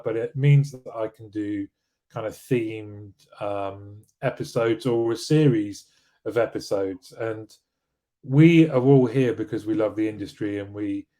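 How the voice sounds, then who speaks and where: A lowish, warm-toned male voice hosts a weekly live show, casually reading viewer comments and chatting. He tends to ramble, restarting often and leaning on fillers.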